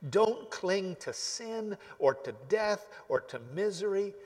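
A male pastor preaching a sermon in an earnest, emphatic way, sometimes dropping to near-whispers. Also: high-pitched. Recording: long hall reverb.

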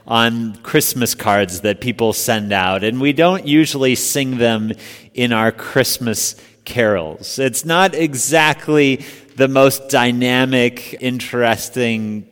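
An American man preaching a sermon in a relaxed, conversational way, quizzing his congregation. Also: medium pitch, slow pace, smooth, in a large hall. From United States. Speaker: pastor.

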